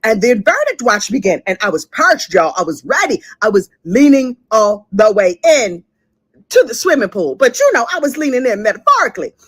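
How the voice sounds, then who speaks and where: Sassy, animated woman commentator. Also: on the high side, normal speed, slightly rough, no room sound. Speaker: true crime commentator.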